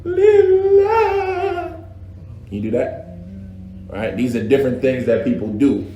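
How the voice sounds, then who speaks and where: A man teaching a casual religious class, talking in a lively, slangy way and mimicking recitation styles. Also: mid-range voice, normal speed, highs cut off, slight background noise. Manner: animated, conversational, slangy, imitates recitation styles. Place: echoey mosque classroom. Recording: echoey room with faint background ambience.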